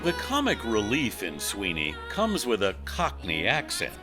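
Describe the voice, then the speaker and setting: A man narrating a television news feature as correspondent, in a measured, polished delivery. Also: on the low side, wildly swooping pitch, loud music behind the voice.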